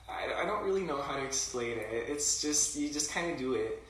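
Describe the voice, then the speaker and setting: A man's voice: fairly high pitch, moderate pace, hardly any pauses, a bit bright, recorded from a distance. A man with a rural Canadian accent, hosting a casual livestream chat, talking loosely with lots of fillers and laughs. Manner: chatty, filler-heavy, laughs often. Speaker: livestream host. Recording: roomy echo from off-mic, faint ambient noise.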